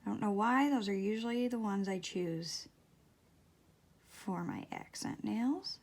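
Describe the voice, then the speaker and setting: Woman, slow-paced, gravelly voice, soft near-whispered asides, home nail tutorial. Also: medium pitch, lively intonation. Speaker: beauty vlogger. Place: home, at a table.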